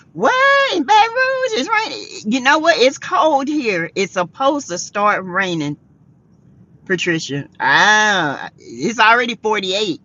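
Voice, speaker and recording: A woman's voice: on the high side, bright, forceful tone. A woman hosting a casual live chat, tired, laughing often and greeting viewers by name. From South Carolina. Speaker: livestream host. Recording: dull lo-fi sound.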